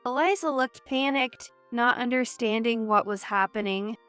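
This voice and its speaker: A woman narrating a dramatic family story in the first person, in an even, measured way. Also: a little high, smooth, faint music behind.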